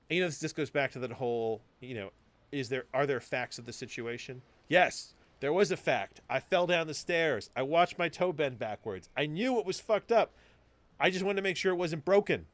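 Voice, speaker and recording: Animated, swearing podcast storyteller man. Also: a little high, moderate pace, no echo. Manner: animated storytelling, swearing, acts out quoted voices. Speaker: podcast co-host. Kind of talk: casual chat.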